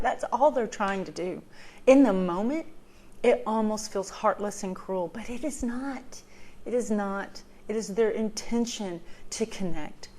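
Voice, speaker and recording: A woman's voice: a little high, unhurried, darkish tone. Woman talking straight to camera, earnest and emotional, lots of ums, repeats herself for emphasis. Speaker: vlogger sharing recovery advice. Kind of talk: heartfelt personal talk to camera.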